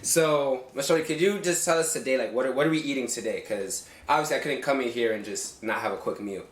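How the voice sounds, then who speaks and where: A man's voice: mid-range voice, fast, distant mic. Young male host, casual slang. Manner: casual slang, upbeat, conversational. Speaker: interview host. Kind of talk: casual interview hosting. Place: guest's home, indoors. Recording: roomy, mic set back.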